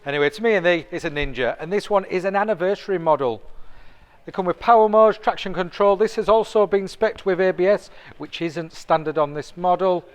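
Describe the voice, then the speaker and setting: A man's voice: sits high, brisk. A man presenting a motorbike for sale in a chatty, enthusiastic walkaround. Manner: chatty, enthusiastic salesman patter. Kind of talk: sales walkaround video.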